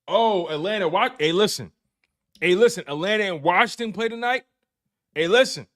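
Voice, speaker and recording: A man's voice: high voice, moderate pace. A man hosting a live sports talk stream, talking casually and repeating himself as he banters with his chat. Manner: animated, repetitive, playful trash talk to chat. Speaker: sports show host.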